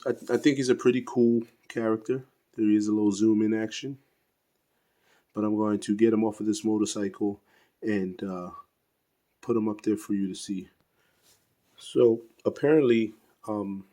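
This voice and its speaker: A man's voice: lowish voice, mellow. A man casually reviewing an action figure, rambling with many fillers and restarts and stumbling over names he can't pronounce. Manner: self-deprecating, fumbles pronouncing names. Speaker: toy reviewer. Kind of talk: casual unscripted toy review.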